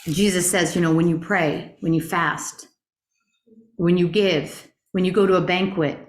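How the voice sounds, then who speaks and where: A middle-aged woman teaching a Bible study class in an earnest, animated way, asking her group rhetorical questions. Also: fairly low pitch, a little slow. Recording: roomy echo.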